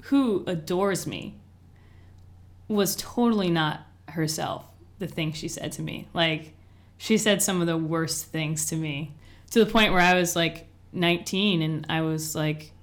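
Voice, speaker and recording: A woman's voice: on the low side, a little slow. Chatty young woman telling her story. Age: 20s. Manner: chatty, lots of "like" and "you know", laughs often. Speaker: interview guest. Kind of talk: candid personal storytelling.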